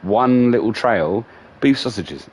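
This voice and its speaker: A middle-aged man hosting a gaming livestream, chatting casually and swearing through animated stories full of slang. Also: mid-range voice, takes it slowly, breathy edge. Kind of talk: casual chat.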